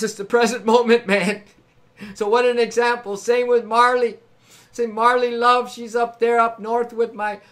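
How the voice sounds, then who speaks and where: Slow, exuberant spiritual livestream host. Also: medium pitch, a bit bright. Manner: exuberant, laughing, calls out to viewers. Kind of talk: ecstatic spiritual talk with sung affirmations. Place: home live stream.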